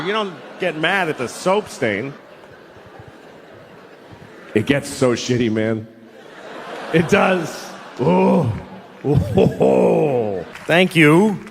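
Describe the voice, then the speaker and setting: A loud male stand-up comedian performs a set in a large venue before a live audience, delivering exasperated, mocking bursts with sudden high shouts. The live hall recording has long reverb and slight background noise.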